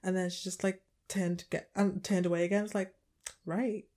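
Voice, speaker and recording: A woman's voice: mid-range voice, moderate pace. A young woman with a Liverpool accent, co-hosting a casual chat podcast and telling stories while acting out what others said. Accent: Liverpool English. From England. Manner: animated storytelling, acts out others' lines. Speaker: podcast co-host.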